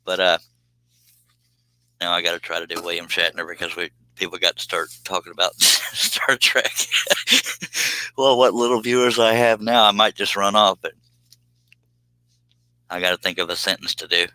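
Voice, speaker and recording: Folksy low-voiced man. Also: moderate pace, pauses often, bright, forceful tone, smooth, dry recording, poor audio. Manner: rambling, folksy, laughs often. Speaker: woodworking live streamer. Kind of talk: casual live-stream chat.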